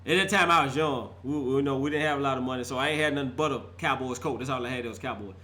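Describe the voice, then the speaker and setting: Speaking rapid-fire in a sharp, medium-pitched voice, a middle-aged fan vlogger goes off on a heated rant. He laughs, uses plenty of slang, and says things more than once for emphasis.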